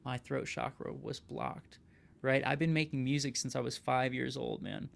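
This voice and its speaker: An earnest young man hosting a podcast, telling a personal story in a relaxed conversational way. His voice carries a gravelly, fry-laden edge at a medium pitch, and he keeps checking in with "right?". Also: moderate pace. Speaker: podcast host and rapper.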